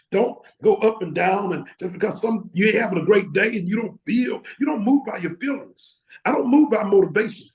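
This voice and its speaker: High-voiced gravelly man preaching. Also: darkish tone, poor audio. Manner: fervent, exclaims and laughs often. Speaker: academy leader addressing members. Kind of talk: motivational preaching.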